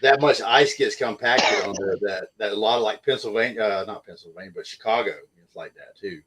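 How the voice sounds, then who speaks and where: A man's voice: fairly low pitch, fairly quick, very noisy. A man talking casually with other truckers, chiming in with a laid-back, easygoing manner. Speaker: trucker, video maker. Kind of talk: casual chat.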